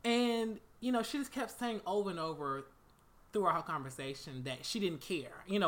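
A man's voice: sits high, animated, normal speed, fairly bright tone. A man co-hosting a podcast, telling a story in casual chat with playful asides. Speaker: podcast co-host.

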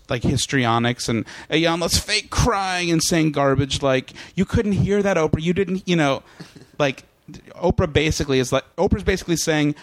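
Man, young adult, podcast guest, animated storytelling, mocking impressions, medium voice, dry. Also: mid-range voice, dry recording. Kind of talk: casual comedic storytelling.

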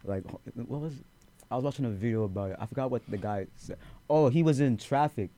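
A man's voice: medium pitch, brisk, warm tone. A young man hosting a casual chat, slangy and saying "bro" often. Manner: slangy, says "bro" a lot.

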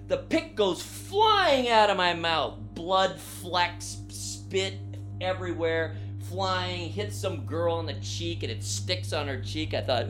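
A middle-aged man from Ohio telling a vivid personal story as a guest, with dramatic rises in pitch and loudness. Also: animated, takes it slowly, faint music behind. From Ohio, USA.

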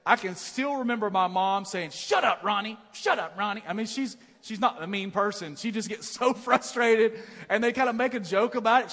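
A middle-aged man preaching a sermon as pastor, telling stories in an animated, self-deprecating way with many "right?" asides. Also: high-pitched, big-room sound. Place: large church auditorium.

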